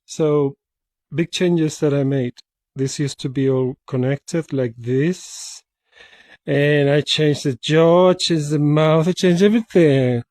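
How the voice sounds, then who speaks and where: A man chats through a sculpting vlog, playful and rambling, prone to silly sing-song repetitions. His voice sits somewhat high for a man yet sounds mellow and soft rather than bright. The sound is close and dry. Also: steady tone, slow pace, no room sound. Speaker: mask sculptor. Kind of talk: casual workshop vlog.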